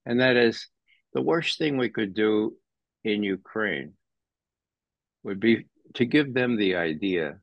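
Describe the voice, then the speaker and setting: A man commenting as a guest in an interview, animated and sardonic, rising sharply in pitch when he stresses a point. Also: slow, gravelly, pauses often, no echo. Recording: dull lo-fi dry sound.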